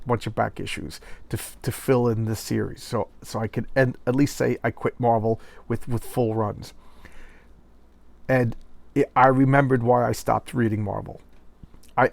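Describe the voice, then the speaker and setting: A man's voice: mid-range voice, creaky, darkish tone, no echo. A man reviewing a comic book in a casual rant, exasperated and sarcastic, often repeating himself.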